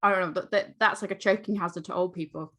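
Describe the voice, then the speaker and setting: An American woman co-hosting a podcast in casual chat, animated and playful, often giggling. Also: medium pitch, fast. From United States. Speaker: podcast co-host.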